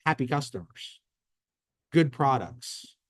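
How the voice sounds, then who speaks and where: A man at the front of a small business workshop, talking straight to the room. His voice is mid-pitched and dry. He slips into little acted-out quotes as he tells a story. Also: slow, breathy edge, no echo. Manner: energetic storyteller, acts out quotes. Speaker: host. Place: event space.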